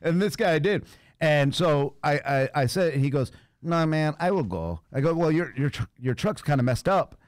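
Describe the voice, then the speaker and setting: A radio host with a slightly high voice and moderate pace tells a story in casual chat, animated and laughing often as he acts out the voices of the people involved. The sound is studio quality with no room sound.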